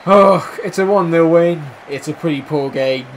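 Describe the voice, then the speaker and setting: A man casually commentating his own football video game, muttering through menus and yelping high when chances come. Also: moderate pace, a little hiss or hum. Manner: swings from quiet mumbling to excited high-pitched yelps at goals. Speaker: gaming commentator.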